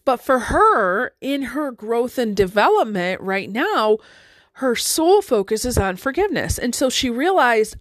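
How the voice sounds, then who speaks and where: A woman's voice: a little high, sing-song, a little slow, no room sound. A middle-aged woman life coach giving a motivational talk to listeners, conversational and full of rhetorical questions and "right?".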